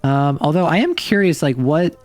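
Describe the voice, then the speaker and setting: A man's voice: fairly high pitch, expressive, moderate pace, darkish tone. A man streaming a game, thinking aloud in a rambling, casual way. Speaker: vtuber streamer. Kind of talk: casual livestream commentary while playing.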